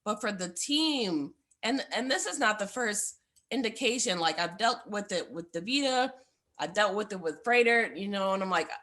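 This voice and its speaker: A woman's voice: medium pitch, expressive, normal speed, pushed and bright. A young woman, a guest on the show, giving a heartfelt personal testimony in a rambling way, full of fillers.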